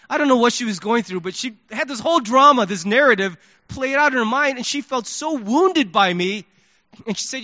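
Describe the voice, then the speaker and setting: A male pastor preaching a sermon, telling a story in an animated way and acting out his own reactions. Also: sits high, brisk, dry recording, lo-fi sound.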